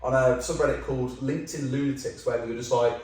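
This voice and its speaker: A man, a company founder guesting on a podcast, telling lively anecdotes in casual chat with some swearing. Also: mid-range voice, fast. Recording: very echoey room, mic at a distance.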